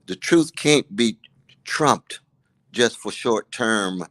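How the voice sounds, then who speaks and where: A man's voice: fairly low pitch, lively intonation, takes it slowly, a bit bright. An older man in his seventies speaking in a preacherly, rhythmic way, stacking emphatic repetitions in a passionate political conversation. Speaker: guest.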